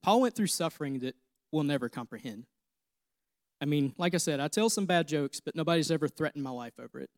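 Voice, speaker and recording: A man's voice: fairly high pitch, lively intonation, brisk, no echo, studio quality. A man in his thirties preaching a sermon, earnest and personal, repeating phrases as he tells his own story. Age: 30s. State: emotional, near tears. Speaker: pastor.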